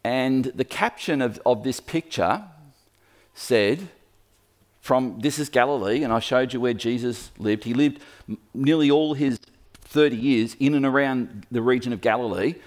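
A man preaching a sermon in a lively storytelling manner, speaking to the room as he points at a map. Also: mid-range voice, a little slow. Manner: lively storytelling, acts out quoted voices.

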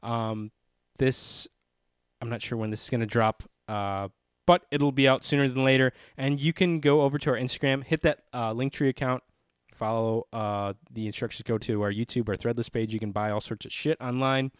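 A man's voice: medium pitch, moderate pace, smooth, dry recording. A young man co-hosts a casual podcast, chatting loosely with friends, laughing often and swearing without a second thought. The recording is close and dry, with no room around the voice. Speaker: podcast co-host.

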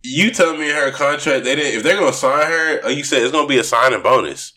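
A man's voice: medium pitch, expressive, fairly quick, bright, forceful tone. A young man co-hosting a podcast in casual chat, loose and joking, laughing often and swearing casually. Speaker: podcast co-host.

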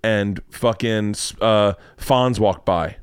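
A man hosting a podcast, telling stories in a casual, animated way, with loud excited impressions and lots of swearing. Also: lowish voice, slow, clear, resonant tone, dry recording, studio quality. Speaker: podcast host. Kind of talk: casual storytelling chat.

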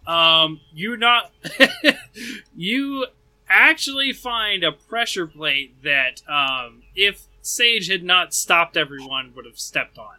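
A man's voice: high voice, lively intonation, takes it slowly, bright, forceful tone, rough recording. A man running a tabletop game as game master, easygoing and hesitant with fillers.

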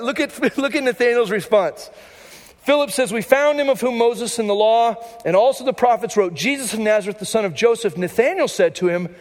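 A man's voice: very high voice, animated, fairly quick, big-room sound. A man preaching a sermon as pastor, talking conversationally and repeating key lines for emphasis. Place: church sanctuary.

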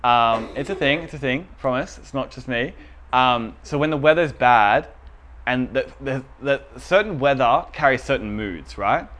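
A young man in a relaxed chat, his voice sitting at an ordinary mid pitch. He tells stories about himself in a chatty, self-deprecating way and breaks into laughter often. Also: normal speed. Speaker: podcast co-host. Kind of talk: casual chat.

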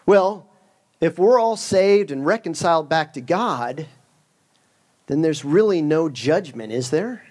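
A man delivers a sermon in a relaxed, conversational manner, his voice sitting a little higher than most men's. He works a funny story in, with joking asides throughout. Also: slow pace. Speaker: preacher.

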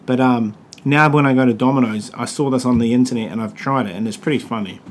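A podcast host with a New Zealand accent talks at a quick pace in a medium-pitched voice, with slight background noise. The chat is casual and crude, full of jokes and free swearing.

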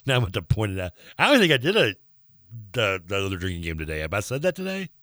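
A man's voice: lowish voice, huge pitch swings, fast, fairly bright tone, no room sound, clean studio sound. A man co-hosting a sports radio show, rambling and laughing often, trailing off mid-sentence. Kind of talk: casual sports talk.

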